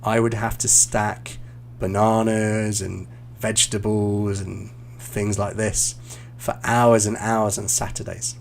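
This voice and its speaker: A British man talks through an English exam essay at an unhurried pace, his voice gravelly with fry. He explains patiently and repeats words for his learners. A faint hum sits behind him. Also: fairly low pitch, little pitch movement. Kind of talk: online teaching walkthrough.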